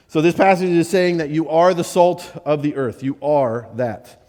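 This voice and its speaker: Male pastor, slightly high voice, casual conversational preaching, echoing church hall. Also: moderate pace, darkish tone. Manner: conversational preaching with frequent restarts and "right?" checks. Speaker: missionary pastor. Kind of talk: sermon. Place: church sanctuary.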